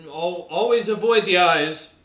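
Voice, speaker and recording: A man's voice: sits high, a little slow, a bit bright, roomy sound. A man voicing a skinny, goofy young male orc who speaks in broken words with a heavy foreign accent. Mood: helpful.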